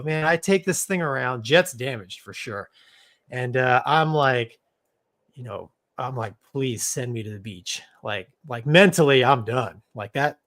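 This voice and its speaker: On a live show he co-hosts, a middle-aged ex-Navy fighter pilot with a voice on the high side spins a casual yarn. He keeps the energy up, chuckles mid-sentence, and keeps saying "man" and "dude."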